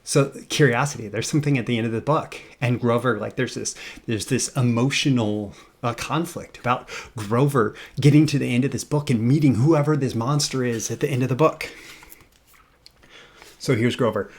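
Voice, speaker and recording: Gravelly-voiced man rambling to camera. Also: medium pitch, normal speed. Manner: rambling, hesitant, many fillers and restarts. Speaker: copywriting video host. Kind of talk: casual talk to camera.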